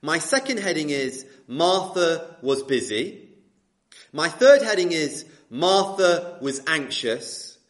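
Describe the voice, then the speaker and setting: Young guy preaching in a church hall, kinda high voice, swoops up and down a lot, asks the room questions. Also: slow pace. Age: 20s. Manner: lively, asks rhetorical questions, repeats phrases. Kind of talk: sermon.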